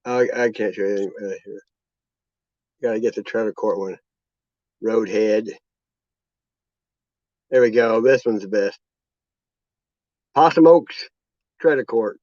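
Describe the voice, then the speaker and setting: A man's voice: lowish voice, unhurried, pauses often, a little mellow, no room sound. A man hosting a casual chat over drinks, rambling and laid-back with profane talk. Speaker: host. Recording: dull lo-fi sound.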